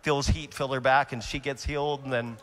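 Animated preacher in a reverberant hall. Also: male voice, mid-range voice, a little fast, a little hiss or hum. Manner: earnest, animated storytelling with sudden shifts between loud and hushed. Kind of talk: conference sermon testimony. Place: large conference hall.

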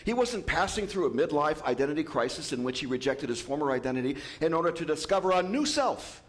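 A man preaching a sermon as pastor, lively and joking with asides. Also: a little high, fast. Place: church.

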